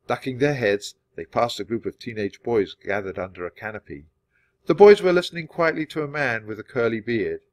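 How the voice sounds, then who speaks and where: A man's voice: medium pitch, brisk, no room sound, clean studio sound. Man reading a children's book aloud. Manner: clear, steady storytelling. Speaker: storybook reader.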